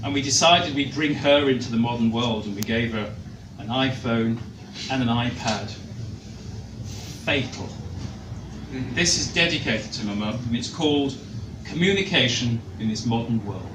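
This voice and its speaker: A man's voice: medium pitch, animated, normal speed. A middle-aged man giving a live comic poetry reading with jokey, chatty introductions. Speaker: poet reading to an audience. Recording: echoey room, far mic, noisy.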